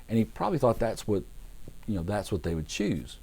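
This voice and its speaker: A man, a pastor, teaching a Bible passage in a relaxed, conversational way, acting out the figures as he goes. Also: lowish voice, fairly quick, creaky, husky. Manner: conversational storytelling with acted-out voices; relaxed, with fillers and restarts.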